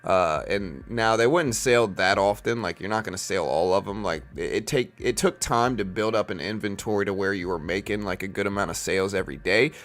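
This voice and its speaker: Deep-voiced man chatting. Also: fairly quick, few pauses, fairly bright tone. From South Louisiana. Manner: rambling, filler-heavy, calls viewers bro and dude. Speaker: live trading stream host. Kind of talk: casual live-stream chat.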